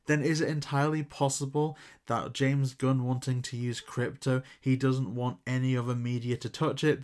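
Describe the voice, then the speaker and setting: Man hosting casual commentary. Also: mid-range voice. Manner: thinking aloud, hedging, restarts. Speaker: YouTube commentary host. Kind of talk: casual commentary, reading news aloud.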